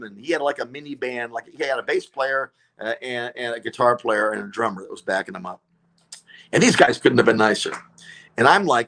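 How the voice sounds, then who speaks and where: A man's voice: medium pitch, normal speed, gravelly. A comedian telling a story in casual chat, acting out the people he quotes. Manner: animated, acts out quotes. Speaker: comedian guest.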